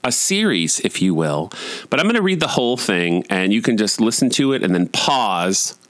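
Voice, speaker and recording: A man's voice: lowish voice, very animated, moderate pace, a bit bright, dry recording. A man hosting a podcast, talking candidly in a personal monologue, self-deprecating and loose, with frequent fillers and restarts. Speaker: podcast host.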